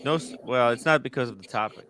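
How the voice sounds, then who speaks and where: A man's voice: mid-range voice, fast talker, pushed and bright, slight background noise. A man in a casual chat, teasing the host and reacting with animation.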